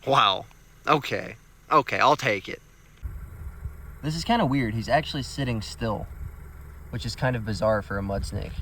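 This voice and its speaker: A young man vlogging on a rural road at night, chatty, excitable and self-mocking, with slang. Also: lowish voice, slight background noise. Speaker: field herper vlogger. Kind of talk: casual vlog narration on the road.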